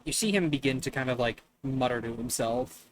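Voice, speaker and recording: A man narrating a tabletop game as game master, in slow, measured description. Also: mid-range voice, slight background noise.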